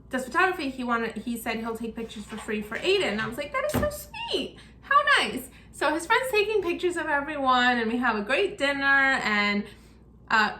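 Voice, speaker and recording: Chatty young woman, bright and echoey. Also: on the high side. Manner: chatty, acts out quoted dialogue in her retelling. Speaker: vlogger. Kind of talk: casual storytelling vlog. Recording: echoey room.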